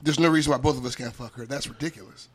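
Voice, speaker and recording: A man's voice: mid-range voice, rapid-fire, a bit bright, slightly rough. A man co-hosting a podcast, casual crude chat, teasing his friends and laughing often. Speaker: podcast co-host.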